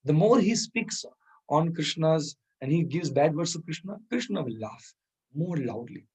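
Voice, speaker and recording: Husky man teaching soft skills. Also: on the high side, expressive, a little slow, poor audio. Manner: chuckles often, Hindi words mixed into English. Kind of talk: informal lecture with storytelling.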